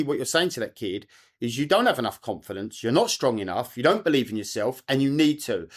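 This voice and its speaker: A man speaks quickly, and his pitch rises and falls a lot as he explains his points step by step. His voice sits on the high side. He sounds earnest, like a coach guiding parents. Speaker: mental performance coach. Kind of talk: casual podcast conversation.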